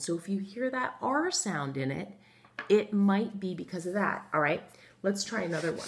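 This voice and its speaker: A woman's voice: mid-range voice, lively intonation, moderate pace. A woman teaching a first grade phonics lesson, patient and encouraging, spelling out words letter by letter as she writes them on a board. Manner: writes on a board while talking. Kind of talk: recorded remote phonics lesson.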